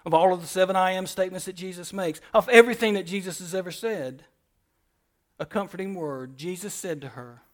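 This high-pitched male pastor moves fairly quickly through his church sermon, going from quiet to loud and repeating lines to drive points home.

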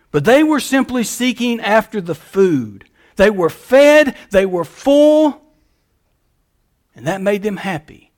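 A male pastor delivering a sermon with a lilt. His voice is notably high for a man, and he preaches in a folksy style, leaning hard into his emphases.

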